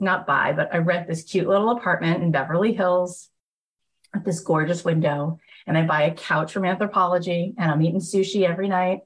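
A woman host telling a personal story in a casual, animated way, acting out the voices of people she quotes. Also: lowish voice.

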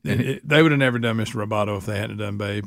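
A man co-hosting a radio show with quick joking asides. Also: fairly low pitch, gravelly, no echo, clean studio sound. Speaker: radio co-host. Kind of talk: casual radio banter.

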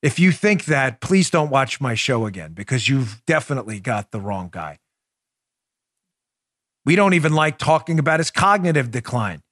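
A man's voice: mid-range voice, big pitch swings, normal speed, a bit bright, no echo, clean studio sound. A man hosting a political commentary podcast, talking emphatically and with indignation, addressing his listeners directly. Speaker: podcast host.

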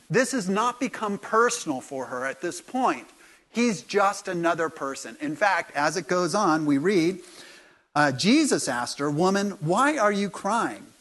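A man preaching a sermon in a conversational storytelling way, sometimes dropping to soft, intimate tones. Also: high-pitched. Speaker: pastor.

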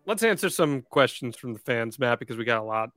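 A man co-hosting a podcast, asking questions quickly and reacting with enthusiasm. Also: medium pitch, animated, over music. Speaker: podcast co-host. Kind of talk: casual interview chat.

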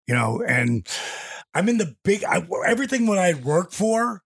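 A man in his sixties tells stories as a guest in a dry, close recording. His gravelly, slightly husky voice sits a bit high for a man and swings widely as he acts out quotes and sound effects. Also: very animated, normal speed, no room sound. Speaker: interview guest. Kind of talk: casual storytelling in an interview.

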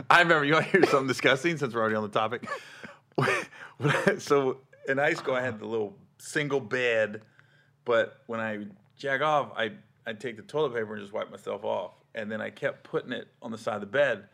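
A comedian with a bright, forceful voice trades frank, raunchy stories as a guest. He often laughs through his own punchlines. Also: mid-range voice, brisk, gravelly. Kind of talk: casual comedic chat.

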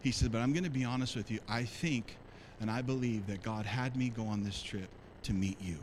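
A man preaching a sermon as pastor, telling a personal story in a lively, conversational way to his church. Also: fairly low pitch, brisk, a little hiss or hum, low-quality recording. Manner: animated, conversational, talks to congregation. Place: church sanctuary.

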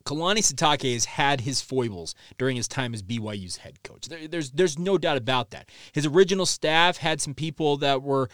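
A man's voice: fairly high pitch, moderate pace, few pauses, no echo. Emphatic man hosting a sports podcast. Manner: emphatic, opinionated, animated. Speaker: podcast host. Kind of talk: sports talk podcast monologue.

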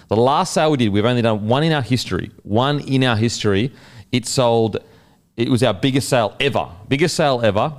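A man with a deep, dopey-sounding voice, hosting a casual podcast chat in a studio and swearing freely. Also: a little fast. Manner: brash, swears freely, animated storytelling. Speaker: podcast host.

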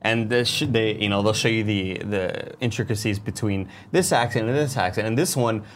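A man's voice: fairly low pitch, moderate pace. A man co-hosting a casual morning show, playful and rambling, often laughing. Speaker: co-host.

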